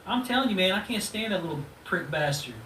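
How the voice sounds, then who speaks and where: A man's voice: high voice, expressive, fast, sharp tone. A man in his thirties ranting at a rival in a profane, taunting video reply, laughing mockingly at him. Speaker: channel host. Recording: roomy echo, distant mic, faint noise.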